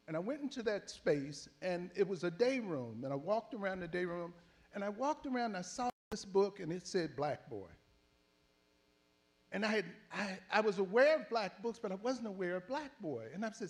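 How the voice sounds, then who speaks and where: An older man from Philadelphia, an elder activist telling his story slowly and reflectively in an oral history conversation, with many pauses and fillers. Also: high voice, animated. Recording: handheld mic in a panel setting.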